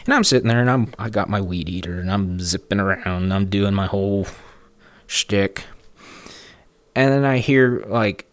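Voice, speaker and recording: A man with a low voice telling a story in a relaxed, rambling way. He drifts into side remarks and chuckles at his own snark, and the sound is dry and close. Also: moderate pace, dry recording. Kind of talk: casual storytelling.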